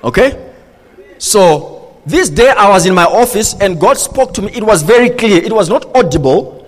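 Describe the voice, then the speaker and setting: A man preaching a sermon as pastor, animated, firing rhetorical questions at the congregation. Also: high voice, moderate pace, in a large hall.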